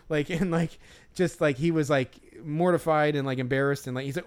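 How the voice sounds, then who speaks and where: Smooth-voiced man telling a rambling story. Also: a little high, fairly even intonation, brisk. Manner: rambling storyteller, many "like" fillers. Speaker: podcast co-host. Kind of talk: casual chat.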